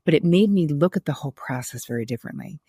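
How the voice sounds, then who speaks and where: A woman's voice: low-pitched, expressive, quick pace, dark tone, breathy edge, no echo, clean studio sound. A woman hosting a podcast interview, talking in a reflective, chatty way with frequent restarts. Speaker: podcast host. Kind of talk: conversational interview.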